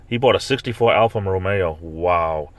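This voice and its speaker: Guy with a lowish voice rambling on his live stream, lots of uh and restarts, goes squeaky when he rants. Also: moderate pace. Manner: rambling, chatty, with repeated fillers and restarts; bursts into high-pitched mock outrage when ranting. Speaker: live stream host reading chat. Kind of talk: casual live stream chat.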